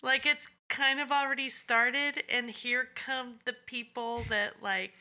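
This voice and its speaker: A woman going through her episode notes in blunt, profane casual chat. Her voice is very bright and clear-cut. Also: on the high side, fairly even intonation, slow.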